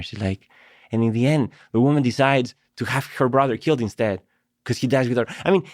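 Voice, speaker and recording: On a conversational podcast, a middle-aged professor from Greece recounts stories with animation, laughing a lot and repeating words at the start. His mid-range voice is a little mellow and a little fast, recorded in studio quality with no room sound.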